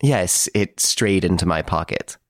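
A man doing a smug, teasing gentleman thief. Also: low-pitched, unhurried, no echo, studio quality. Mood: playful, sly. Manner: urbane, teasing, playfully boastful. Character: suave, mocking gentleman thief in prison, male.

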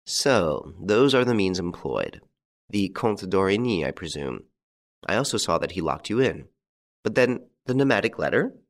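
A man playing a calm, masterful gentleman rescuer, courteous and commanding. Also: sits low, normal speed.

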